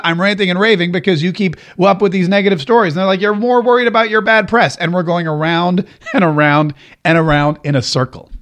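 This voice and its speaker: A middle-aged man hosting an opinion talk show, talking in an animated, rambling way and often repeating himself. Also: on the high side. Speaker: host.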